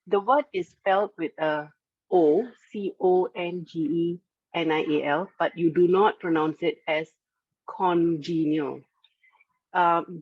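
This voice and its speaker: A woman with a fairly low, husky voice presents the word of the day on a video call, carefully spelling out and explaining its pronunciation. The sound is dry and narrow, like a phone line. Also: no echo. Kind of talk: online club meeting presentation.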